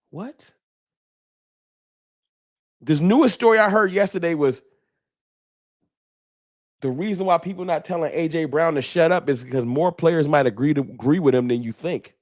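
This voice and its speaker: Fired-up man preaching fan trash talk. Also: on the high side. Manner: reads viewer super chats aloud. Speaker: sports fan show host. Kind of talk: livestream fan commentary.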